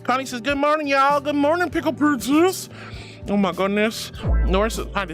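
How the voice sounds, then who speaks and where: A woman's voice: high voice, normal speed, fairly bright tone, soft background music. A woman streaming casually, greeting her chat in a bubbly, affectionate, giggly way. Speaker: VTuber streamer.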